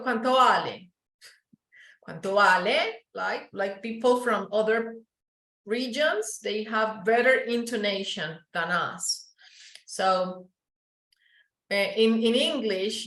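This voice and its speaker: A woman with a Paisa Colombian accent leads an English class. She explains patiently and says sounds over and over for her students, often switching to Spanish. Her voice is mid-pitched and carries a roomy echo. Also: fairly bright tone. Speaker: English teacher.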